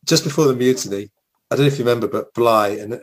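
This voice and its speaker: An English-accented man co-hosts a film podcast, rambling through nostalgic stories at a middle pitch. He strings his thoughts together with fillers and restarts. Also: rapid-fire, slightly rough, poor audio. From England. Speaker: podcast co-host. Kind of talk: casual chat.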